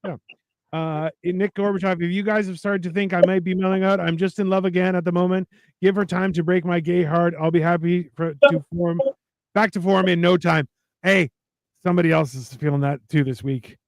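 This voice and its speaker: A man with a high voice and a gravelly edge banters through a casual podcast. His sound is dry and close, and he is joking and telling stories. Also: fairly even intonation, fairly quick, dry recording. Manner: joking, storytelling. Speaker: co-host.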